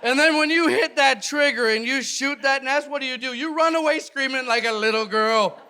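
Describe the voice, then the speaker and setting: A Canadian man doing a stand-up comedy set, animated and breaking into loud shouted bits. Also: very high voice, normal speed. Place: live comedy venue with audience.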